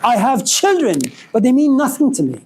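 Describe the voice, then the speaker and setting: A man's voice: extremely high pitch, sing-song, fairly quick, a little mellow, a little hiss or hum, voice pushed up. A man voicing a lost, despairing male salmon who has a home and family but feels empty, speaking in an anguished, pleading way.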